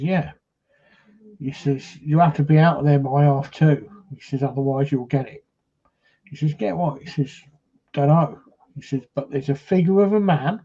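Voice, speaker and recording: Man, raised but mellow voice, storytelling paranormal investigator, lo-fi camcorder sound. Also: on the high side. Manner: retells a story with many "he says" and acted quotes. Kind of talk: casual storytelling chat.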